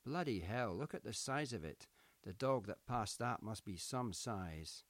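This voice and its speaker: A sardonic young man in his mid-twenties, as a male narrator plays him, grumbling and sarcastic in a low voice. The storybook reading sounds close and completely dry. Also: animated, a little slow, dry recording. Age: 20s. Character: 26-year-old man, sardonic bored younger brother.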